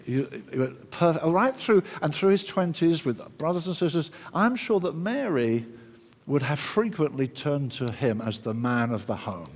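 A man preaching a sermon in an animated way, acting out the quoted lines and often restarting his sentences. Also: fairly high pitch, normal speed. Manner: animated, acts out quoted voices, frequent restarts. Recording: long hall reverb.

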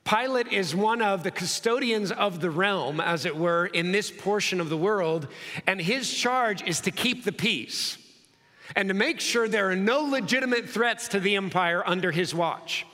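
A man preaching an expository sermon, acting out the dialogue and dropping low and slow for emphasis. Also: expressive, pushed and bright. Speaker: pastor. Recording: long hall reverb.

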